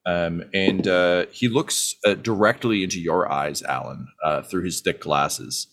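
Halting male game master. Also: deep voice, a bit bright. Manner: halting, many fillers. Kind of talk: narrating a tabletop game.

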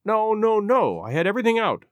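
Man playing an excitable young secretary, agitated, emphatic, high lively voice. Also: moderate pace, dry recording. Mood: indignant.

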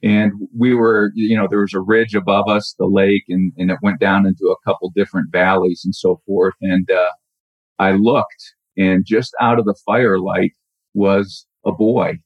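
A middle-aged man recounts a personal story slowly and reflectively, stopping and restarting often. His voice is low and husky. The audio sounds dull and lo-fi. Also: level tone, no room sound. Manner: halting, reflective, many restarts. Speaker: caller telling a true story.

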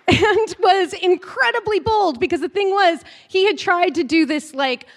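A woman with a high voice tells a frank personal story. She is chatty and giggly, with plenty of fillers. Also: animated, slow.

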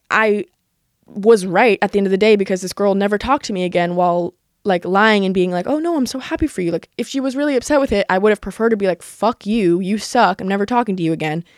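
A young woman in her twenties hosts a podcast, telling a personal story in a rambling, candid way. She talks fast in a medium-pitched voice, full of "like" and casual swearing, on a dry, studio-quality recording.

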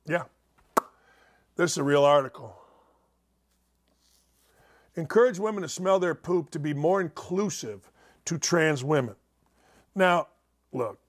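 A male talk show host with a high-pitched voice reads news pieces aloud and mocks them. He is sarcastic and incredulous, one moment loud and the next muttering under his breath. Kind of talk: mocking commentary on news articles.

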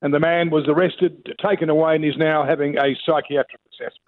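A man's voice: on the high side, level tone, a little fast. A man, a radio correspondent, chatting with the host and hesitating often. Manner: chatty, with frequent fillers and restarts. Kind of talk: casual chat with the host. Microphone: phone line. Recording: tinny phone line.

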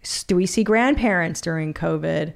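Gravelly-voiced woman hosting a podcast, casual and chatty, curses a lot. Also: fairly low pitch, normal speed. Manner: chatty, swears freely, laughs often. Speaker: podcast host. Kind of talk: casual chat.

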